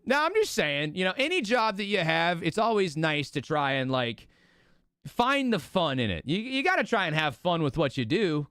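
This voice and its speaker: A man's voice: a little high, a bit bright, dry recording, clean studio sound. A young man streaming, chatting casually and rambling with his viewers, laughing often. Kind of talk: casual livestream chat.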